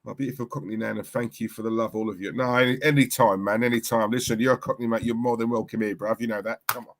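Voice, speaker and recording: A fast-talking man with a steady, medium-pitched voice barely pauses as he co-hosts a live football watchalong. He laughs a lot and trades slangy, chatty banter with viewers and his co-host.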